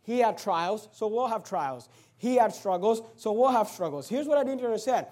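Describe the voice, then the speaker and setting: High-pitched guy preaching a sermon, punchy and emphatic, drops low on the verses. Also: expressive, a little fast, a little mellow.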